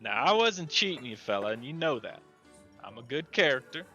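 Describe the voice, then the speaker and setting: A man voicing a smooth-talking, sly half-elf cardsharp with a folksy, soothing manner. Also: medium pitch, sing-song, brisk, sharp tone, dull audio, faint music behind, voice pushed up.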